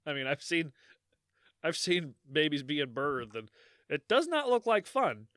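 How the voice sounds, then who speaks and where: A man co-hosting a podcast, telling a dark history in a joking, rambling way and laughing often. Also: a little high, sing-song, unhurried, no room sound, studio quality. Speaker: podcast co-host. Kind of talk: casual podcast chat.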